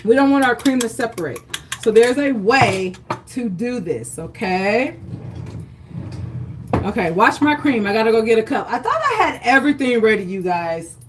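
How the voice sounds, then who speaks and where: Broadcasting via livestream from her own kitchen, this cooking show host runs a live demonstration, chatting warmly, encouraging her audience and frequently checking on them. Her voice is on the higher side with big pitch swings, at a normal speed, and there's background noise.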